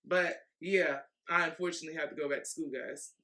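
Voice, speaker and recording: A woman's voice: low voice, steady tone, brisk, bright, forceful tone. A woman hosting a life coaching podcast, talking in an upbeat, chatty way and calling her listeners "guys" and "y'all.". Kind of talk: casual podcast chat.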